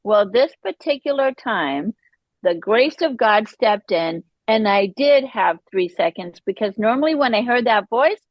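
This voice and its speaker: A woman, a podcast guest, telling her personal recovery story in an animated way, acting out the voices she quotes. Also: fairly high pitch, a little slow, no echo, dull audio.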